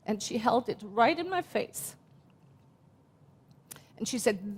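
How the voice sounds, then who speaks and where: A woman in her fifties from Germany, speaking with a German accent as she gives a slow, reflective, heartfelt sermon as minister. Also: on the high side, lively intonation, slightly rough. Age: 50s. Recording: long hall reverb.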